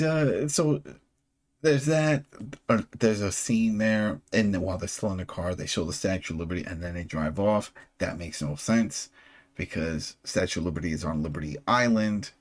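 A man co-hosting a podcast, casually recapping a TV episode and acting out characters' lines as he retells scenes. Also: sits low. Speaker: podcast co-host. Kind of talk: casual show recap chat.

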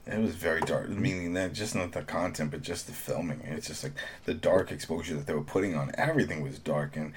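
A man chatting casually as a podcast co-host, animated and acting out quotes while reviewing a TV episode. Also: sits low, a little fast, hardly any pauses, a little hiss or hum. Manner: animated, acts out quotes in voices. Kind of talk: casual chat.

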